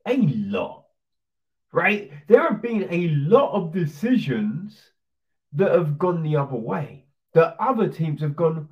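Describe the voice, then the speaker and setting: Over a distant, dull lo-fi recording, a commentator with a medium-pitched voice delivers a ranting opinion monologue. He is very animated yet slow-paced, and his tone is profane, sarcastic and heated.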